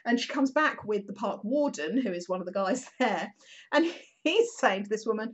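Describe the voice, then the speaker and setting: A woman, a regular on the show, telling a local anecdote in a chatty, animated way, acting out quotes with plenty of fillers. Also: mid-range voice, moderate pace, dull audio. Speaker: regular contributor. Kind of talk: casual storytelling chat.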